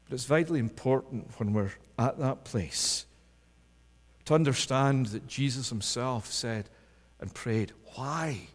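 Impassioned preacher in an echoing church. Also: male voice, unhurried. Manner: rises to impassioned, loud pleading then drops low and soft. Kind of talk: sermon. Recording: long hall reverb.

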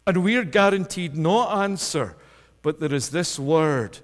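A man preaching a sermon, swinging between loud pleading cries and low, soft passages. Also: lively intonation, a little slow. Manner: rises to impassioned, loud pleading then drops low and soft. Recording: long hall reverb.

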